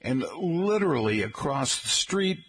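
A middle-aged man hosting a local radio show, chatting in a folksy way and slowly spelling out details for listeners. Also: a little high, sing-song, breathy edge. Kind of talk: casual radio talk. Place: radio studio.

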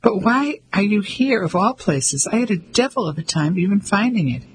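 A man's voice: sits high, animated, normal speed, slight background noise, voice pushed up, rough recording. A man voicing an earnest young soldier home on leave, anxious and incredulous. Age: young adult.

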